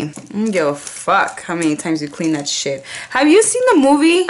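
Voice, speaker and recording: A woman's voice: fairly low pitch, big pitch swings, moderate pace, few pauses. A woman who works as a 911 dispatcher, telling a story in a casual vlog. She talks freely, swears a lot, says "like" constantly and slips in Spanish slang. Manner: chatty, profane, heavy use of "like"; drops in Spanish slang phrases.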